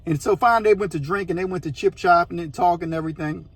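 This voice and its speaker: A middle-aged man telling a prison story in a casual, slangy, animated way. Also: sits high, very fast, no room sound. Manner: animated, slangy, acts out every voice. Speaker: storyteller, former inmate.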